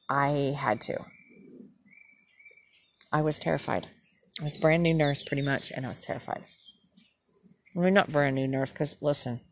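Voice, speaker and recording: Middle-aged woman, former nurse, low voice, gravelly, rambling and indignant, birds chirping faintly behind. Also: slight background noise. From Northern US. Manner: rambling, indignant, self-correcting. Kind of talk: casual monologue.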